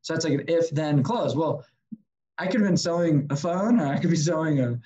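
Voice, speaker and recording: A man, a sales consultant guest, telling stories in a casual, energetic way and acting out the people he quotes. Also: a little high, brisk, muffled recording. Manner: energetic, animated, acts out quotes. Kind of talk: casual storytelling.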